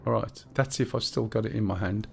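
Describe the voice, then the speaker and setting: A man's voice: on the low side, a little fast, gravelly, darkish tone, faint music behind. A man streaming a game, chatting casually and talking a teammate through the controls, thinking aloud with fillers as he goes. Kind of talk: casual gameplay chat.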